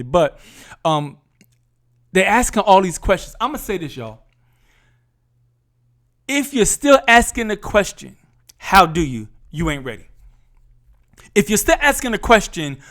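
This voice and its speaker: High-voiced man preaching to y'all. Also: fairly bright tone. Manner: preachy, emphatic, addresses viewers as y'all. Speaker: podcast host. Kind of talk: candid faith talk to viewers.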